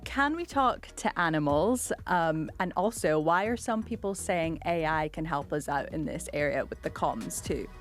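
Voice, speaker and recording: A woman's voice: deep voice, animated, moderate pace, few pauses, soft background music. A woman hosting a podcast in casual, friendly, upbeat chat. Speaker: podcast host.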